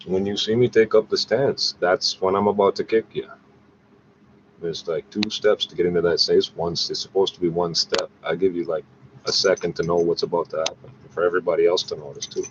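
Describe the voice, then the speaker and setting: A Canadian vlogger in a low-pitched voice delivers a rambling, agitated, profane monologue to his camera, talking a little fast. It's recorded on the device's own mic, giving dull lo-fi audio with faint noise.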